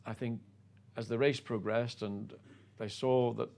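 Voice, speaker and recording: A man's voice: medium pitch, steady tone, measured pace, creaky, darkish tone. An older man, a former racing driver, telling self-effacing stories from his career as a guest. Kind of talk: reminiscing anecdote.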